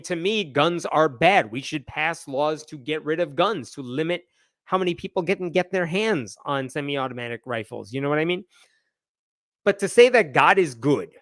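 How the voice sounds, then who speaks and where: A man's voice: a little high, dry recording, clean studio sound. A man hosting a livestream, giving sarcastic commentary and reading passages aloud. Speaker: channel host.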